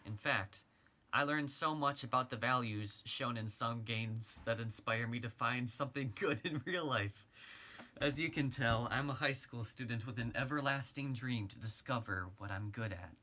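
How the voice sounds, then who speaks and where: Earnest, chatty sixteen-year-old gamer boy, as a man reads him, bright and forceful voice, fan-story reading. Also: mid-range voice, normal speed, natural voice. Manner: talks straight to the listener, chatty. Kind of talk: first-person storytelling reading.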